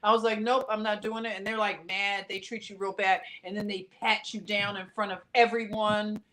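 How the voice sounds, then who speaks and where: A woman guest on a podcast, telling a story with passion and bursting out loudly at times, in quick runs full of restarts. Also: medium pitch, a little hiss or hum. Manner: impassioned, animated storytelling with sudden loud outbursts; talks in quick runs with many restarts and fillers. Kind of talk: casual podcast conversation.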